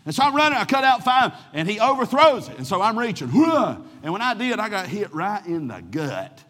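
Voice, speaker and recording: Animated preacher telling stories. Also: male voice, sits high, fairly quick, long reverb tail. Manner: folksy, animated storytelling, swings from loud to hushed. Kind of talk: sermon with personal stories.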